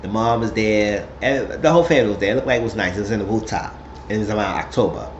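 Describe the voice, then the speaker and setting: A man recapping a reality show episode in casual, gossipy storytelling. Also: quick pace. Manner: chatty storytelling, puts on high voices quoting people. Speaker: recap vlogger. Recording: roomy, dull lo-fi sound with faint hiss.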